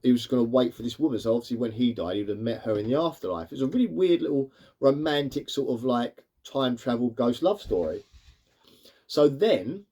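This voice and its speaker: A man casually reviewing an old animated film, rambling along with lots of "sort of" and "like". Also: medium pitch. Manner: rambling, leans on fillers like "sort of" and "like". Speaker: cartoon reviewer.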